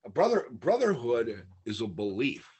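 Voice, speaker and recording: A man's voice: medium pitch, huge pitch swings, moderate pace, darkish tone, slightly rough. A middle-aged man telling stories in a casual podcast chat, rambling, laughing often and acting out what others said. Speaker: podcast guest.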